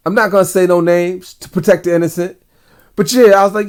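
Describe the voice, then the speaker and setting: A man recounts a dream in a loose, rambling way, speaking straight to his audience with plenty of slang. His voice sits a little higher than most men's. It sounds unscripted and personal, like a casual vlog. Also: a little fast. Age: adult father. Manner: rambling, talks to viewers directly, slangy. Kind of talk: casual storytelling.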